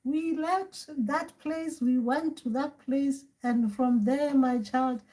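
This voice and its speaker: A woman doing a sorrowful old grandmother spirit, hushed and half-whispered, slow and halting, a high and gentle voice. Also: low-quality recording. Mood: mournful.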